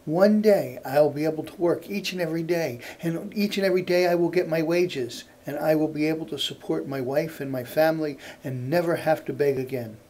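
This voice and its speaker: A man's voice: a little high, fairly quick, few pauses, a little mellow, natural voice, low-quality recording. A man voicing a hopeful village beggar.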